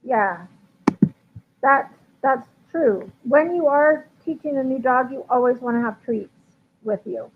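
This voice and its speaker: A chatty woman dog trainer talking casually through a live Q&A, full of ums and likes. Her voice sits a little high. It comes through a tinny, phone-like line with a faint hiss behind it. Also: a little slow. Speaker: dog trainer answering viewer questions. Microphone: livestream computer mic.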